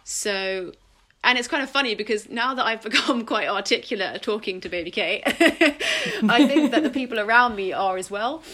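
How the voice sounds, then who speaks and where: A woman speaks in a bright, clear voice. She talks thoughtfully in a relaxed interview, often pausing with ums and restarting her sentences. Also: a little high. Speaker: designer and podcast guest. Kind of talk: reflective conversational interview.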